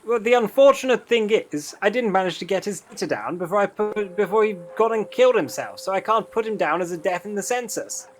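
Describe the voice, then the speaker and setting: A man's voice: high voice, lively intonation, brisk, few pauses, slight background noise. A man playing a polite, overly formal census taker with a British accent who keeps calling people sir. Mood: shocked. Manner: overly formal, keeps saying sir, swears when startled. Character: polite fussy Old West male census taker.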